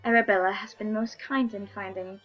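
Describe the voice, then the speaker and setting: A woman's voice: mid-range voice, fairly even intonation, fairly quick, distant mic, dull audio, faint music behind, lightly acted. A woman voicing a formal, courteous male army colonel in a story game, with little change from her own voice. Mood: polite.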